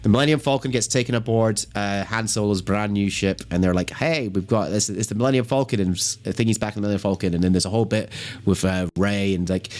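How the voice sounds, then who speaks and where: A man from Scotland, hosting a comedy quiz in a casual, rambling, animated way and swearing freely. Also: lowish voice, quick pace. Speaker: quiz host.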